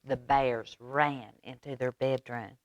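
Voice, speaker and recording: A woman librarian reading a children's picture book aloud, expressive and gentle, with a Southern US accent. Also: extremely low pitch, slow, dry recording, muffled recording. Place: public library.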